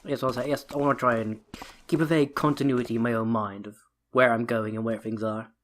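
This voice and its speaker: A man narrating his own gameplay at a desk mic, joking, poking fun at himself and scolding the character on screen. His voice sits at an ordinary middle pitch. Faint noise hums underneath. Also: fairly even intonation, fairly quick, fairly bright tone. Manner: joking, self-mocking, talks to the game character. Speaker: let's play host. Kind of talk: gameplay commentary.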